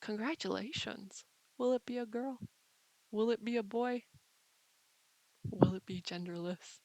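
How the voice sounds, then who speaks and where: Slow, gravelly-voiced playful woman. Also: mid-range voice, a little mellow, dry recording, poor audio. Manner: playful, rambling, with frequent laughs and mock drama. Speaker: channel host. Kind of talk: casual musing monologue.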